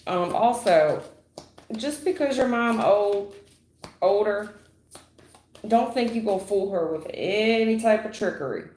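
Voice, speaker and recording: A woman's voice: mid-range voice, darkish tone. A woman giving a live tarot reading in a blunt, emphatic, slangy way, repeating her points. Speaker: tarot reader. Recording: roomy echo.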